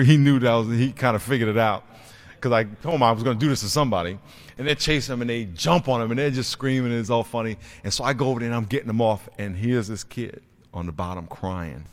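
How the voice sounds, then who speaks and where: A man preaching a sermon, telling a lively story from coaching kids' football, swinging between quiet, slow emphasis and loud excited bursts. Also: mid-range voice. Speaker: pastor and youth football coach.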